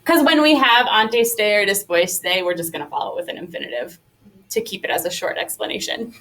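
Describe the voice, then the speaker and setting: A woman's voice: medium pitch, lively intonation, fairly quick, a bit bright, distant mic, low-quality recording. A woman teaching a Spanish class, upbeat and coaxing as she leads the students through repetition drills. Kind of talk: classroom lesson.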